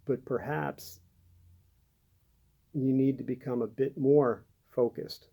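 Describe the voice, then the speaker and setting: Gentle gravelly-voiced man, devotional talk. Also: mid-range voice, fairly even intonation. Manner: gentle, halting with many fillers.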